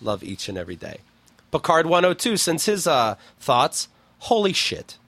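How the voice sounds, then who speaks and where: A man's voice: fairly high pitch, very animated, normal speed, fairly bright tone, dry recording. A man hosting a podcast, chatting casually and reading forum posts aloud in a wry, blunt way, swearing freely. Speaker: podcast host.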